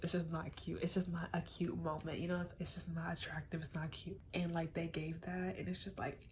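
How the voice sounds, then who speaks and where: A young woman telling a storytime tale casually, animated and dramatic, with plenty of swearing. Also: fairly low pitch, a little fast, noisy background. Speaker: vlogger.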